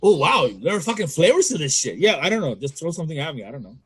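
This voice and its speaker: A man's voice: on the high side, very animated, quick pace, a bit bright, slightly rough. A man in a casual joking chat, teasing the others and laughing easily. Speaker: podcast co-host.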